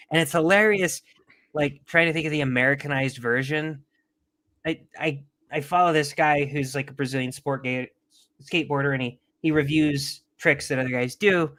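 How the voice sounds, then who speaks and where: A man's voice: a little high, moderate pace, sharp tone. Rambling, profane man chatting. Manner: rambling, profane, joking asides. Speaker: podcast host. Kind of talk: casual livestream chat.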